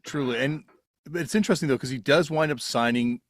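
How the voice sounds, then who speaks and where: A man hosting an interview podcast, chatting in a relaxed, musing way. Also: medium pitch, fairly quick, no room sound, studio quality. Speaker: podcast host. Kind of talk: casual interview.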